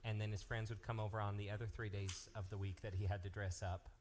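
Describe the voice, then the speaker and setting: A man working as a youth pastor, making lively, joking announcements and telling stories to a live youth group. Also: lowish voice, quick pace, background noise. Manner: energetic, joking, jumps between topics.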